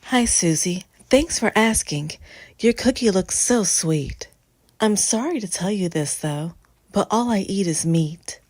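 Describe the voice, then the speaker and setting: A woman's voice: mid-range voice, animated, a little slow, a little mellow, dry recording. A woman voicing a polite, friendly man who turns down a cookie in a rhyming storybook. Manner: polite, apologetic. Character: friendly meat-loving man. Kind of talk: storybook reading.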